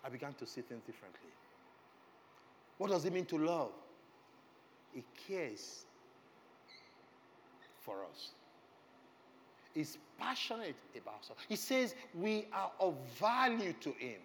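A male preacher with a fairly high, very lively voice delivers a passionate sermon, dropping to near-murmurs and then rising to ringing cries. The sound carries a long hall reverb over faint ambient noise. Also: slow pace, pauses often. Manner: passionate, swings from soft to loud exclamations.

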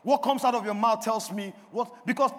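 A man preaching a sermon from a church stage, calling on the congregation to respond, swinging between shouts and quiet. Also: sits high, normal speed. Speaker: pastor. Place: church hall. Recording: long hall reverb.

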